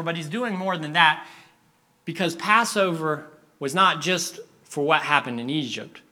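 A young man preaching a sermon in an animated storytelling manner, acting out scenes for his listeners. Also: on the high side, measured pace.

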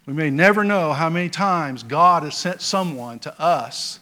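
A male pastor preaches in a folksy, storytelling manner, sprinkling in fillers as he goes. His voice sits somewhat high for a man. He swings between loud, emphatic lines and quiet asides. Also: measured pace. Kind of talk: sermon.

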